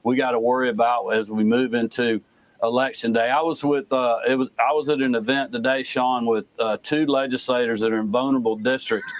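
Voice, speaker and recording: A middle-aged man with a drawl answers a TV interviewer, pitched in an ordinary male range. He speaks deliberately, building his talking points step by step with frequent pauses. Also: steady tone, no echo, rough recording. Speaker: governor being interviewed.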